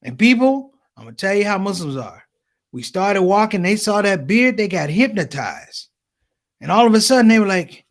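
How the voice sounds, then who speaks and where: A man doing stand-up comedy, telling stories as an animated storyteller with big voice swings. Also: high voice, moderate pace.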